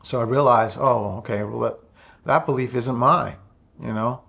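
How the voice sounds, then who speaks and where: A man in his fifties, talking slowly and softly with many pauses in a reflective personal monologue about his spiritual path. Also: medium pitch, creaky. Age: 50s. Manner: slow, soft-spoken and introspective, with many pauses. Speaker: spiritual vlogger.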